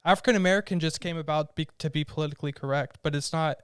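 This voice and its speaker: A man's voice: a little high, rapid-fire, clean tone, dry recording, studio quality. A man co-hosting a podcast in casual chat. He rambles through his opinions with lots of "like" fillers. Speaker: podcast co-host.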